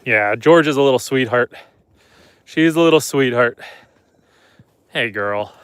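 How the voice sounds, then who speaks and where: A man's voice: mid-range voice, moderate pace, a bit bright, clean tone, dry recording. A young man casually chatting on a night-time farm livestream outdoors, talking to his animals and reading viewer comments aloud. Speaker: homesteader hosting a livestream.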